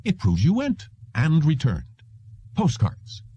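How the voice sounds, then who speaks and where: A man putting on a high, genial salesman. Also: huge pitch swings, takes it slowly, mellow, no echo, exaggerated voice. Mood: emphatic. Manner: smooth salesman patter, high and emphatic. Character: genial plump middle-aged male memory salesman. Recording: dull lo-fi audiobook recording.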